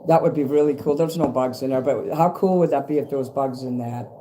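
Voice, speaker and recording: At home with a handheld camera, a vlogger chats casually as he unboxes a package from a fan, rambling, swearing and easily delighted. His mid-range voice is mellow and fairly quick. There's slight background noise.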